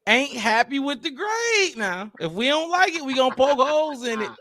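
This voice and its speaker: A man hosting a casual sports podcast, lively and talkative, calling out fans in the chat. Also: extremely high pitch, no room sound. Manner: lively, hypes the chat, quick asides. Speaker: podcast host.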